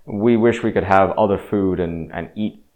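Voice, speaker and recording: A man's voice: deep voice, moderate pace, darkish tone, muffled recording, close to an everyday voice. A man voicing complaining Israelites in a petulant, whining tone during a casual retelling. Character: whiny complaining Israelite men.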